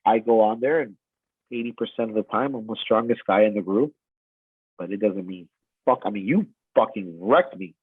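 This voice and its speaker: A man in his forties talks in an intense, profane, animated way on a podcast, his voice husky and fairly low. The sound is thin and phone-like, dry with no room around it. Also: no echo. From United States. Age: 40s. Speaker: strength coach and gym owner. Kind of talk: podcast interview. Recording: tinny phone-like line.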